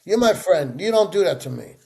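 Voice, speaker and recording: Middle-aged man, interview guest; gravelly, slightly high voice, animated storyteller who acts out the voices of people in his stories. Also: a little fast.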